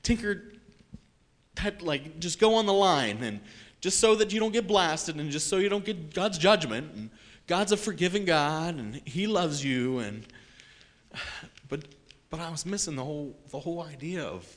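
Earnest man with a higher voice. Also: lively intonation. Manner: earnest, halting, with many restarts and repeated words; self-deprecating, with frequent soft laughs. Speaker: lay speaker sharing a faith testimony. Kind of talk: unscripted personal testimony.

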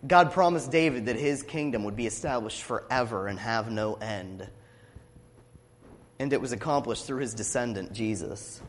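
A pastor preaching a sermon, passionately building up to loud declamation as he reads scripture. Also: mid-range voice, moderate pace, a little hiss or hum. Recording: long reverb of a hall.

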